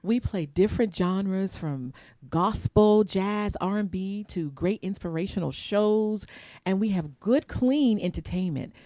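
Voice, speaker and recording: A woman's voice: medium pitch, a little slow, mellow, no room sound. A woman hosting a live show, chatty and rambling, laughing often and losing her place in her notes. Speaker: host.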